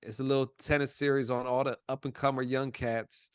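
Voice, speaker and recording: A man hosting a sports podcast, talking in a relaxed, slangy and jokey way. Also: medium pitch, fairly quick, clean tone, no echo, clean studio sound. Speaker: podcast host. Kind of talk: casual sports chat.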